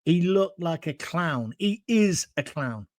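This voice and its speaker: A man's voice: fairly high pitch, animated, slow, darkish tone, dry recording, clean studio sound. A middle-aged man, hosting a live-stream and ranting bluntly while reading viewer comments at home. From England. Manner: blunt, combative, ranting, jokey asides. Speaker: host of a live-stream show. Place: at home, alone.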